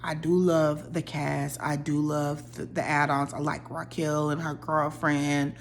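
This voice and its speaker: A young woman holds forth on a reality series in a casual, opinionated rant. Her delivery is animated, and her voice leaps up sharply whenever she acts out what someone else said. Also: deep voice, a little slow, gravelly, a little hiss or hum. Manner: animated, opinionated, dramatic voice jumps when quoting people. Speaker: reality TV commentator.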